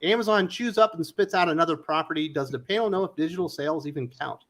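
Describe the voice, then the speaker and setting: A man's voice: on the high side, fast. A man hosting a casual comics panel livestream, telling a story with lots of acted-out quotes and swearing. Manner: animated storyteller, swears, acts out quotes loudly. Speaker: host of a comics news livestream.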